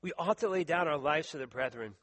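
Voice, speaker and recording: A man delivering a sermon in a church, his voice sitting quite high for a man. He reads scripture and presses his points earnestly, drawing out the words that matter. A tickle in his throat keeps him clearing it and coughing. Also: expressive, a little fast, a bit bright. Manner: earnest, emphatic, stretches out key words. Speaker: preacher.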